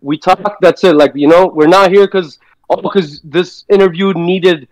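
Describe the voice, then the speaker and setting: A man's voice: sits high, steady tone, unhurried, dry recording, poor audio. A man guesting on a podcast, telling stories in a laid-back, slangy way and swearing freely. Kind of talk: casual storytelling chat.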